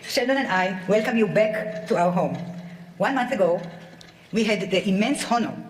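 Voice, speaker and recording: A woman giving a measured, ceremonial speech to an audience in a large event hall. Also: medium pitch. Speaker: event speaker. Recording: echoey hall, faint noise.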